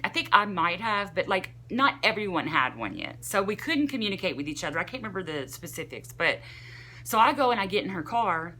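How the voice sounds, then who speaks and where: A young woman vlogger telling a casual, rambling story, animated and full of "like" fillers. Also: mid-range voice.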